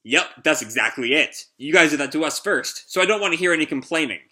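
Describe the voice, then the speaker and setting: A man doing a cocky, excitable teenage boy hero. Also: a little high, fast talker.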